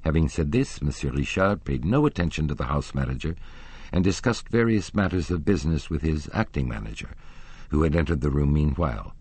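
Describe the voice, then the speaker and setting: Audiobook narrator, male: extremely low, husky voice, theatrical delivery with a wide melodic range. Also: expressive, a little fast, a little mellow, no echo. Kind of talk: scripted narration of a classic novel.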